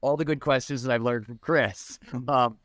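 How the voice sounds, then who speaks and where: A man's voice: medium pitch, steady tone, moderate pace, a bit bright, no echo. A man with a mid-range voice asks a long, winding question, circling back with fillers and restarts as he works out what he means. The sound is dry and close. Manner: rambling, searching questions with many fillers. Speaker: podcast host. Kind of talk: conversational interview question.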